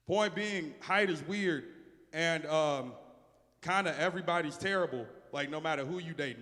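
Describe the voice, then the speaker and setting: A man's voice: on the high side, a bit bright, long reverb tail. A man performing a brash, profane stand-up set on a livestream. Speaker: comedian.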